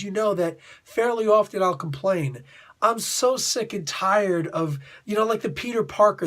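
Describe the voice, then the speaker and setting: A man giving a casual spoken comic book review, chatty and rambling, laughing often and asking his listeners whether they follow him. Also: sits high. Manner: chatty, laughs often, asks "you know what I'm saying?"; rambling, with restarts and asides.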